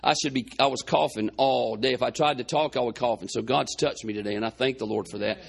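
A man's voice: mid-range voice, steady tone, fast talker, creaky, breathy edge. A man preaching a sermon, retelling a Bible story in a folksy way with quoted dialogue, his chest congested.

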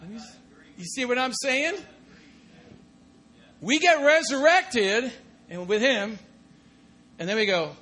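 This preacher's voice is very high, with a bright and forceful edge, and he peppers his sermon with shouts of "come on" and "glory to God." Animated yet slow, he leaves long pauses and shifts between booming bursts and hushed remarks.

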